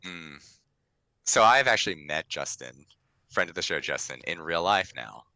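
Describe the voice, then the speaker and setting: A man's voice: deep voice, animated, moderate pace, sharp tone, no echo, poor audio. A man from Washington, D.C. co-hosting a casual podcast, telling stories with lots of fillers. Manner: chatty storyteller, many fillers. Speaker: podcast co-host.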